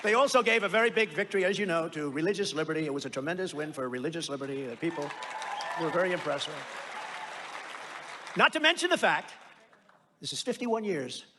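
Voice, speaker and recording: Guy ranting at a rally, super quick, bit high voiced, bragging and repeating himself. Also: lively intonation, crowd noise, noisy background. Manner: rambling, boastful, repetitive. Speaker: political speaker. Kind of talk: rally speech.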